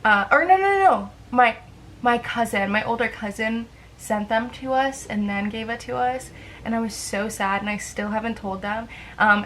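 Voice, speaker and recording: A young woman with a fairly high voice talks casually to camera, rambling and self-deprecating, full of fillers. A faint hum of ambience sits under her voice. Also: moderate pace, fairly bright tone, poor audio. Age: young adult. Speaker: vlogger.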